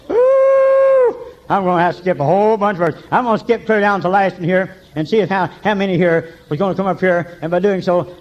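An older man preaching a revival sermon in church, telling folksy stories and breaking into high shouts. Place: church meeting. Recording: dull lo-fi recording.

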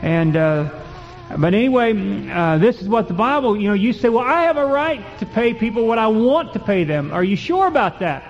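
High-voiced fervent male preacher. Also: animated, moderate pace, long reverb tail. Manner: folksy, emphatic, rising to fervent peaks. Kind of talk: sermon with scripture reading. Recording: dull lo-fi recording.

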